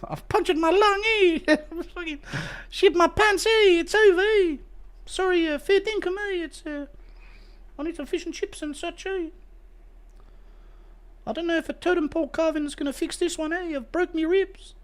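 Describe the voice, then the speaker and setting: A man doing a high, squeaky impression of a jovial burly fighter with a put-on New Zealand accent, ending lines with "eh?". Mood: goofy, mock-dying. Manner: high, squeaky, drawn-out "eh?" tags. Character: jovial burly male heavyweight fighter dying comically.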